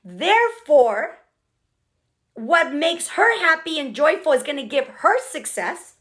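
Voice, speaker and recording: A woman with a high, bright-sitting voice delivers a motivational talk to her business team over a call. She talks emphatically, repeats key lines for weight, and keeps checking in with her listeners. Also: sing-song, slow. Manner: emphatic, repeats herself, peppers speech with "okay". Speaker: business mentor speaking to a team.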